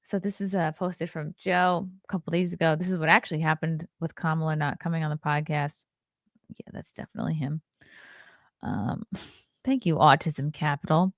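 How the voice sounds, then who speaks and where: A woman's voice: low-pitched, steady tone, normal speed, dry recording, studio quality. A woman hosting a casual morning show, chatting and rambling as she reacts to viewer comments, sounding tired. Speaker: podcast host.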